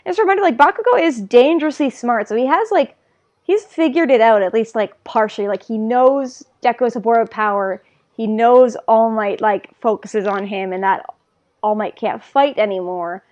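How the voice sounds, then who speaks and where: A woman co-hosting a podcast, chatting in an animated way and retelling scenes. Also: a little high, moderate pace, lo-fi sound. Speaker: podcast co-host. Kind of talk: casual anime discussion.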